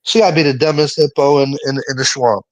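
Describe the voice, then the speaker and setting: A man's voice: mid-range voice, fairly even intonation, quick pace. A man hosting a stream, reacting to a clip in casual, joking chat full of slang.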